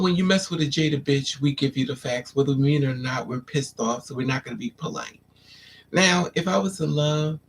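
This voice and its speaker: A woman hosting a candid livestream monologue, sassy and blunt, peppering her stories with "honey" and "child" and jumping into dramatic put-on voices. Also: a little hiss or hum. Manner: animated, swings into dramatic high-pitched put-on voices for others. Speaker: livestream host.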